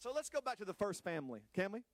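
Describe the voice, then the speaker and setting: Male pastor, high voice, dry sound; lively sermon with joking asides, stretches key words. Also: fast talker, no room sound. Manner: animated preaching with playful asides to the congregation.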